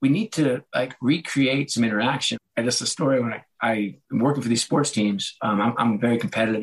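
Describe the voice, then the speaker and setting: Hoarse man telling lively stories. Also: fairly quick, hardly any pauses, low-quality recording. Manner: animated, acts out quotes with pitch jumps, laughs. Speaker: guest author. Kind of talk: casual storytelling conversation.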